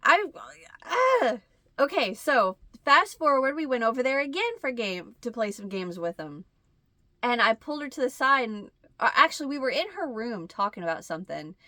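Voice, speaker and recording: A Midwestern American woman chats casually to her viewers, wandering through a story and acting out bits of dialogue. Her voice is bright and sits a little high. The sound is dry and close. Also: lively intonation, normal speed, no echo. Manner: rambling storytelling, acts out dialogue in a higher voice. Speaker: crochet channel host. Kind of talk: casual chat to camera.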